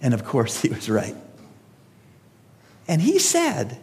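Slow, lively-pitched preacher man in a hall. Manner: emphatic preaching with rhetorical questions. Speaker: pastor. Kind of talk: funeral sermon. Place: church service. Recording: long reverb of a large hall.

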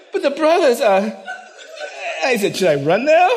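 An older man, preaching a storytelling sermon that swings from loud, laughing anecdotes to hushed intensity. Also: very high-pitched, sing-song, a little slow, noisy background.

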